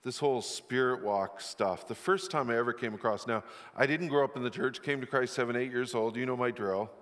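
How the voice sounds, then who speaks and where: A middle-aged man preaches a sermon in a church sanctuary, his mid-pitched voice trailing a long reverb through the hall. He tells candid, self-deprecating stories between points. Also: a little fast, fairly bright tone. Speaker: pastor.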